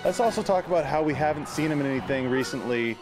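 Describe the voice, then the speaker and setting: A man's voice: fairly high pitch, animated, fast talker, music in the background. A young man who plays football, chatting casually in an opinionated, joking way about a movie. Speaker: football player co-host. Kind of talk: casual chat.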